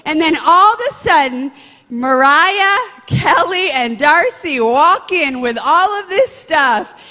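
A woman's voice: high-pitched, lively intonation, slow pace, sharp tone, long reverb tail. A woman leading a church announcement and prayer, speaking in an earnest, heartfelt way. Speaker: church ministry leader. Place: church sanctuary.

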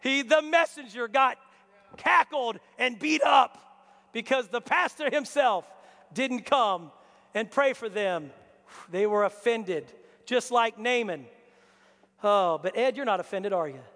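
A man preaching a lively sermon to his congregation, acting out Bible characters in put-on voices. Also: very high-pitched, unhurried. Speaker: pastor. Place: church hall. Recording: long reverb of a church hall.

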